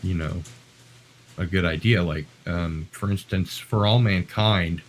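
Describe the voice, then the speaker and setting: Deep-voiced American man, rambling chat. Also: unhurried, a little hiss or hum, rough recording. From United States. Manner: rambling, chatty, self-deprecating. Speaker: live streamer. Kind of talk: casual live-stream chat.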